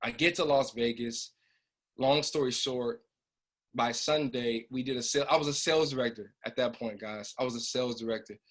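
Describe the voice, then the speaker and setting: A man who trains a business group, telling an emotional personal story in a casual, animated way over a video call. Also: mid-range voice.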